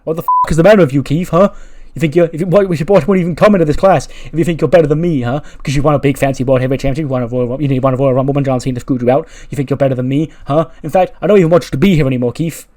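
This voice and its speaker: A man doing a hot-tempered male coach at a wrestling school, heard in a game let's-play. He lectures in a loud, pushy voice and bristles at disrespect. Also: medium pitch, moderate pace, lightly acted. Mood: furious. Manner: lecturing, then shouting and challenging.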